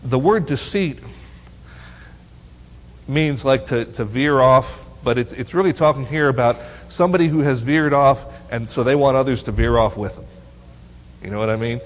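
A man's voice: medium pitch, moderate pace. A man teaching a Bible lesson to teens, reading verses aloud and quizzing his listeners with playful questions. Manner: asks the audience questions, teasing and lively. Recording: long hall reverb.

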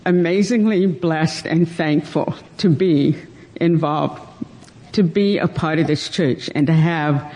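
Woman, church testimony, slow and hesitant, near tears, long hall reverb. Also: low voice, warm tone. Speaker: church member giving testimony. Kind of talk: personal testimony.

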